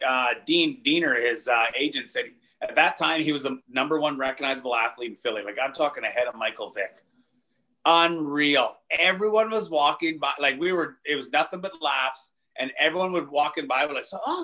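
A man, a comedian, telling casual, profane anecdotes with laughs in a relaxed chat. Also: a little high. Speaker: comedian guest.

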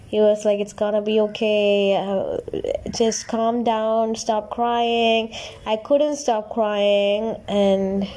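A woman's voice: on the high side, dark tone. Candid young woman confiding to viewers. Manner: candid, rambling, emotional confiding. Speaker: vlogger. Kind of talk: casual storytime vlog.

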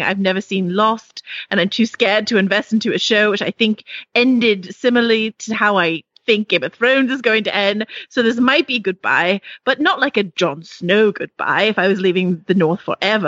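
A woman's voice: mid-range voice, expressive, normal speed, a bit bright, dry recording. A woman putting on a British accent to read out a listener's fan review in a theatrical, mock-formal way. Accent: British, put on. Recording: slightly dull, dry sound.

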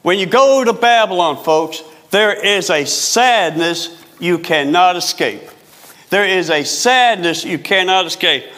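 A male pastor preaching a sermon, repeating phrases for emphasis and stretching key words slowly. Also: high voice, pushed and bright, long reverb tail.

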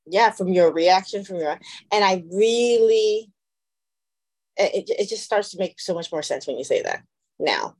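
A woman's voice: mid-range voice, a little slow. A woman co-hosting a podcast in casual chat, telling stories animatedly and acting out the people she quotes. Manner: animated storyteller, acts out quoted voices. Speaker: podcast co-host.

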